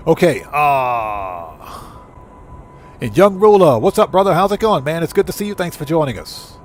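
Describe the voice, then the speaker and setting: A male livestream host narrating his gameplay in a fairly high-set voice, brash and boisterous. He flips between trash talk aimed at rivals and energetic welcomes for new members. Faint game music plays behind him. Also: moderate pace. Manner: energetic shout-outs greeting chat members. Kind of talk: live gameplay commentary.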